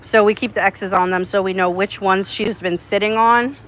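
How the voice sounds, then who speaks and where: A woman on her duck farm chats to viewers and to her birds, her voice lifting high whenever she coaxes them. She is recorded outdoors by the pens with faint noise behind her. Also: fairly even intonation, normal speed, fairly bright tone, poor audio. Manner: chatty, talks to her ducks in a high coaxing voice. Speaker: duck keeper. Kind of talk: casual farm vlog talk.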